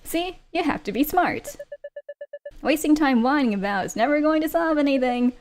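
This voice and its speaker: Woman voicing a strict father, loud lecturing, scolding tone, somewhat high voice. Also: expressive, moderate pace, soft background music. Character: stern immigrant father lecturing his kids.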